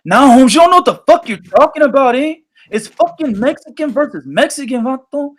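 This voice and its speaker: A man putting on a shrill, taunting brash slang-talker. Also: expressive, a little fast. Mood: mocking. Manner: taunting, profane, high-pitched mockery. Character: brash loud slang-heavy man scoffing at a doubter.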